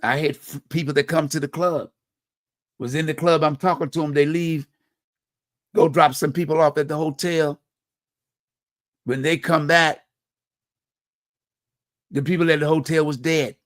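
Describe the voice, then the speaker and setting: Here a middle-aged man from Hampton Roads, Virginia, who hosts a community talk show, speaks bluntly in a repetitive, slangy, conversational monologue about community violence from his own perspective. His voice sits on the high side, with fairly even intonation, a measured pace, and long pauses. The audio is studio quality, without echo.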